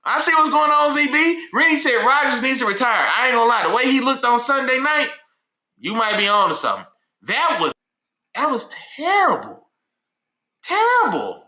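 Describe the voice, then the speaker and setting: Man, sports talk host, slangy, animated, repeats himself, lively pitch, echoey room. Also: fairly quick. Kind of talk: casual live-stream sports talk.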